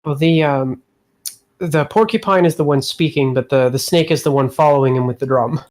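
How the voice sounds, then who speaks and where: A man's voice: a little high, normal speed, darkish tone. Hesitant male game master. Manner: hesitant, many fillers, laughs easily. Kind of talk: narrating a tabletop game.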